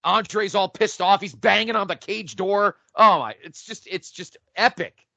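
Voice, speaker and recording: A man talks in excited casual chat, narrating an imagined match like a breathless play-by-play and swearing freely. His voice is bright and forceful and sits a little high. The recording is dry and somewhat dull, like lo-fi home podcast audio. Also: a little slow, creaky, dry recording. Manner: animated, profane play-by-play storytelling. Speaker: podcast co-host.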